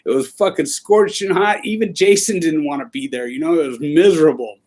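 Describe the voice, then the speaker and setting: A man's voice: fairly high pitch, a little fast, darkish tone. A man hosting a casual livestream, telling rambling, profane stories with a laugh now and then. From Southern California. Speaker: livestream host.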